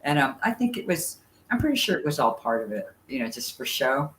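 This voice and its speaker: A woman guest telling stories in a chatty, animated way, full of fillers, talking over a video call from outdoors by her camper. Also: a bass voice, fairly quick, slight background noise. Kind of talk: casual storytelling chat. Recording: roomy sound with faint ambience.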